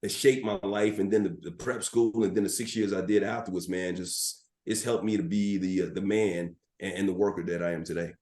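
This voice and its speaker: A middle-aged man, a sports broadcaster guesting on a podcast, telling animated anecdotes with plenty of filler words. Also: sits low, fairly quick, few pauses. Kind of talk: storytelling in a podcast interview. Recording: roomy echo.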